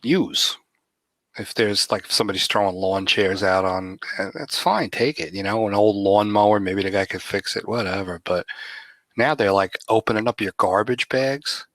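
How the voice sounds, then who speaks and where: A man chatting casually on a talk show in a relaxed, matter-of-fact way. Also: on the low side, moderate pace, no room sound. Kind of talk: casual chat.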